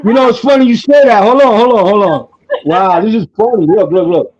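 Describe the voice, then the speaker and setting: Excitable high-voiced man telling stories. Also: fairly quick, dull audio. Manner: excitable, profane, repeats himself. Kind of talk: animated casual storytelling.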